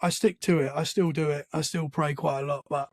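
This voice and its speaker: A man, a podcast guest, telling a story in casual conversation, animated and full of restarts. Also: a little high, a little fast, dry recording. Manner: animated storyteller, acts out sounds and quotes; many restarts and "man" fillers.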